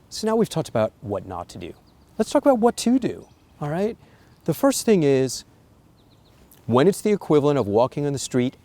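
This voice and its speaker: A man with a low, gravelly, mellow voice gives an instructional talk to parents. He coaches earnestly and leans hard on his key points. The delivery feels like a teaching video. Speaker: parenting educator.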